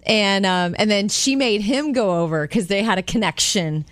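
A woman co-hosting a radio show, chatty and lively as she tells stories. She jumps into the voices of the people in them. The studio sound is dry and close. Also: medium pitch, normal speed, no echo. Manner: animated storyteller, acts out quoted voices. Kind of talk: morning radio chat and storytelling.

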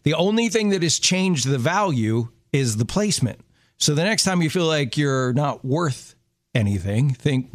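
A man's voice: on the high side, lively intonation, moderate pace. A man co-hosting a chat show, upbeat and encouraging as he talks. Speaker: co-host. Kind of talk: casual chat.

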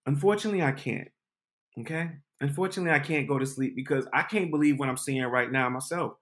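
A man hosting a podcast, telling a comic story in an animated, dramatic way. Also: fairly high pitch, fast. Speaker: podcast host. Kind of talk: comedic storytelling.

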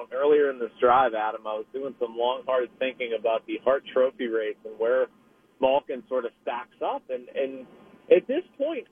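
A man calls in to a sports radio show from his car, and his husky voice comes through a thin, phone-line sound. He talks hockey casually and laughs easily, often backing up to restart a thought. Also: medium pitch, dry recording. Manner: chatty, quick to laugh, restarts his sentences. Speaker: newspaper hockey reporter, radio guest. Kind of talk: casual analytical chat. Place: driving in a car. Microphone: phone call.

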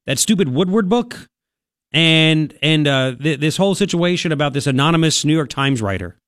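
A man hosting a talk radio show in a studio, delivering an opinionated monologue in a sarcastic, mocking, animated way. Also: a little high, normal speed, no room sound. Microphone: studio microphone.

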